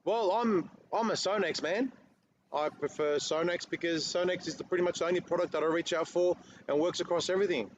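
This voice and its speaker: A man's voice: high-pitched, a little fast. A man, a guest telling a rambling story in casual podcast chat. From Australia. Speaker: guest car detailer. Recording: muffled lo-fi audio with faint noise.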